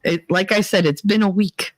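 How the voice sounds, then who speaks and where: A middle-aged woman with a thick New Jersey accent, hosting a podcast and telling stories in a casual, animated way, laughing often and swearing freely. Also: medium pitch, normal speed, dry recording. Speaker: podcast host. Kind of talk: casual storytelling monologue. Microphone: home computer mic.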